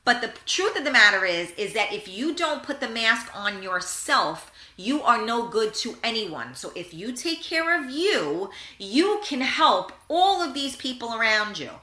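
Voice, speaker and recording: A woman's voice: a little high, unhurried, few pauses, echoey room. A woman hosting a live internet radio show, talking frankly and with animation about positive thinking and reading out listener comments. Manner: frank, animated, acts out little scenes. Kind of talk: live motivational talk, reading viewer comments.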